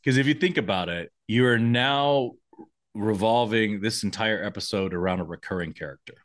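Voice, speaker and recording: A man's voice: fairly low pitch, normal speed. A man co-hosting a TV rewatch podcast, casually recapping the plot scene by scene and chiming in with agreeing yeahs. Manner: retells plot scene by scene, acting out character lines, frequent agreeing yeahs. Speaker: podcast co-host.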